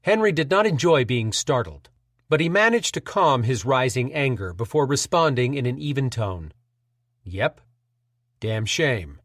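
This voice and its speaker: A man narrating an audiobook in a measured, steady storytelling voice. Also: medium pitch, no echo, studio quality.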